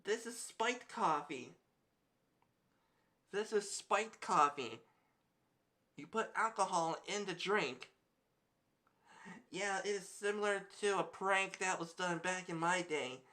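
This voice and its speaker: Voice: medium pitch, takes it slowly, long pauses, sharp tone. A streamer reacting to videos in casual, rambling commentary full of fillers.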